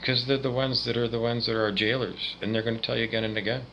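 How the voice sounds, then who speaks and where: Male ranter, angry and profane, mid pitch, faint background hiss. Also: flat delivery, quick pace, low-quality recording. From Canada. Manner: profane, agitated ranting with swings in loudness. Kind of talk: angry rant monologue.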